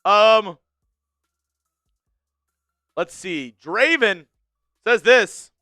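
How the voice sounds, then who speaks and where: Bright, high-voiced male sports streamer. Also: drawn-out words, no echo, clean studio sound, faint music behind. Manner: casual, animated fan-style ranting. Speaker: sports show host. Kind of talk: live-stream sports talk.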